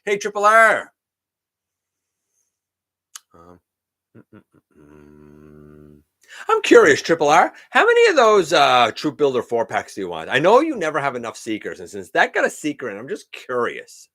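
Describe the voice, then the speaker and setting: A middle-aged man chats casually on a live stream, his pitch rising and falling a lot as he greets viewers one by one. He fills his pauses with plenty of ums and uhs. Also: wildly swooping pitch, pushed and bright. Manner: chatty, greets viewers by name, many fillers. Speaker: host of a live toy-collecting show.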